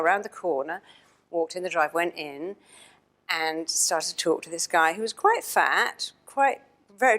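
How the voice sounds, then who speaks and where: A woman with an English accent giving a storytelling keynote talk to an audience, animated and acting out the dialogue. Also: on the low side. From England. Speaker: motivational speaker. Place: stage before an audience.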